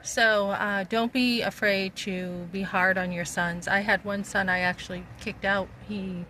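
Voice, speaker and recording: A woman's voice: mid-range voice, fairly even intonation, unhurried, pushed and bright, slight background noise, rough recording. A middle-aged woman talking bluntly and emphatically in a casual vlog, recorded outdoors on a phone. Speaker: vlogger. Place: outdoors on a street.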